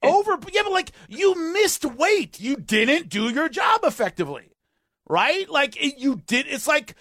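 A man's voice: very high voice, a little slow, no room sound. Dry-sounding guy hosting sports talk, fired up and exasperated. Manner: animated, ranting, exasperated. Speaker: sports talk radio host.

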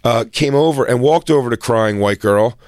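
Dude on a comedy podcast telling crude stories, laughs a lot, dead dry mic. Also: male voice, medium pitch, moderate pace, a little mellow, dry recording. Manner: crude, storytelling, laughs often. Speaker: podcast co-host. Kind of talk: casual comedic chat.

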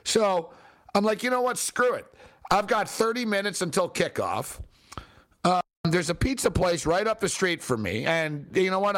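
A man hosts his own show and rants through a story in a loose, filler-heavy way. His voice sits high for a man and leaps up and down as he gets worked up. He sounds exasperated and animated. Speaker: show host. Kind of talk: casual ranting storytelling.

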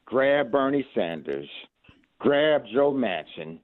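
A man's voice: mid-range voice, very animated, takes it slowly. A man calls in to a radio show over a tinny phone line, urging his point earnestly. His voice rises and falls widely, and he stumbles at the start of phrases. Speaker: caller. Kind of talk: call-in radio talk.

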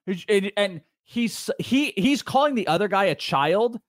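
A man co-hosting a sports talk show in a studio, his voice sitting a little high for a man. He rambles through stories with plenty of restarts. The sound is close and dry, with no room echo. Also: a little slow. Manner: rambling, animated storytelling with restarts. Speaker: podcast co-host. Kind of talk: casual sports radio chat. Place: radio studio.

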